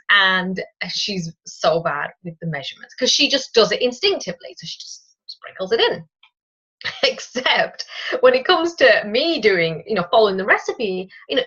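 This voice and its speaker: A woman in her thirties hosting a solo business podcast, talking straight to the listener in a chatty, lively way. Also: mid-range voice. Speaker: podcast host. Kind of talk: casual solo business talk. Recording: dull lo-fi recording.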